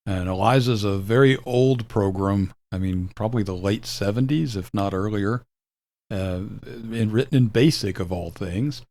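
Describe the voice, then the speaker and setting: An older man hosting a video, explaining a retro computer program in a relaxed, rambling way, with fillers and self-corrections. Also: lowish voice. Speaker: video host demonstrating retro software. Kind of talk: casual explanatory demo.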